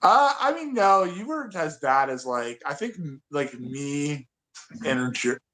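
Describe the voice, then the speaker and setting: A man's voice: on the high side, animated, a little slow, noisy background. A man in his twenties co-hosting a podcast, rambling through stories with lots of "like" and a joking edge. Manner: rambling, lots of likes, jokey. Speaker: podcast co-host. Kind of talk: casual chat.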